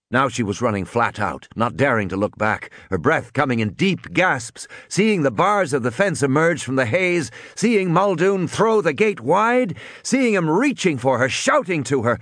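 A man narrates an audiobook with dramatic expression. His pitch sweeps widely through each sentence. The recording is close and dry. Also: fairly bright tone, dry recording.

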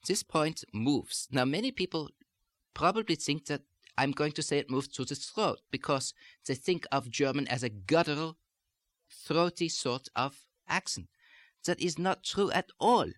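A middle-aged man with a General American accent, giving a recorded dialect lesson in a measured, carefully articulated way. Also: a little high, animated, a bit bright, dry recording. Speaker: dialect coach.

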